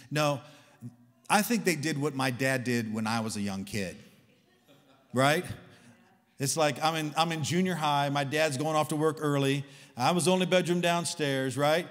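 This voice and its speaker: A guest preacher, male, delivers a sermon in a church hall where his voice trails off into long reverb. Slightly high-pitched and at a moderate pace, he swings from loud, excited exclamations to hushed, near-whispered lines.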